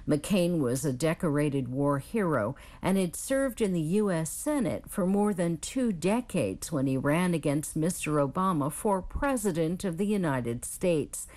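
Low-voiced woman news reporter. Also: expressive, unhurried, few pauses, a little mellow.

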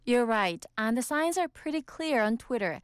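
Crisp woman news correspondent. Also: fairly high pitch, lively intonation, normal speed, no echo, clean studio sound. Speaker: social media correspondent. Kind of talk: scripted news report.

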